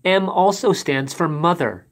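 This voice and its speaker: A small storybook letter speaks in an earnest, slightly raised voice as a man puts him on. The tone is wistful but quick-witted. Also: on the high side, voice pushed up. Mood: clever. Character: little letter X, small lonely runaway.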